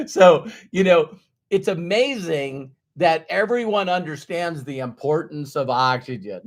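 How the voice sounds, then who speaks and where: Animated man giving a motivational talk. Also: fairly high pitch. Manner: animated and conversational, acts out doubters' voices. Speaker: motivational speaker.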